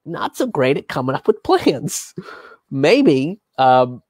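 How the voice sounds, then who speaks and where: A slightly high, sing-song, a little mellow voice moves at a slow pace in a dry recording. The man hosts a live history and politics show, narrating casually with many fillers and restarts, some swearing, and quotes he acts out.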